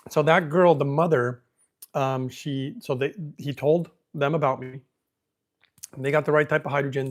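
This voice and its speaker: A man hosting a podcast, telling a story in a casual, rambling way, thinking out loud and becoming emotional. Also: mid-range voice. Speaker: podcast host.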